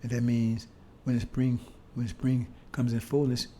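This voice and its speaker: A man preaching a sermon to brothers and sisters, talking in a loose, conversational way and often asking "see?" with halting restarts and bursts of emphasis. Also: medium pitch, flat delivery, mellow, a little hiss or hum. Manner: conversational, repeats "see?" to the congregation.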